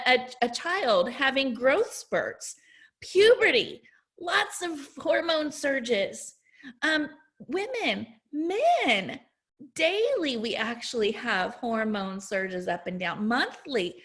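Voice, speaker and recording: A woman in her forties sharing a faith-filled testimonial as an essential oils educator, telling her stories in an animated, exclamatory way. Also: high voice.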